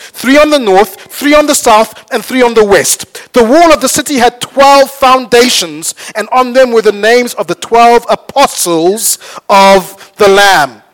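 Man, pastor, sermon, high voice, animated, loud then soft. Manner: animated storyteller, rising loud for stories and dropping soft for points.

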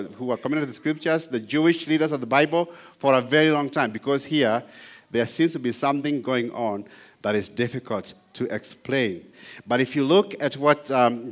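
A man teaching apologetics, reading scripture verses aloud and stressing key words with emphasis. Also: mid-range voice. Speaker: Bible teacher.

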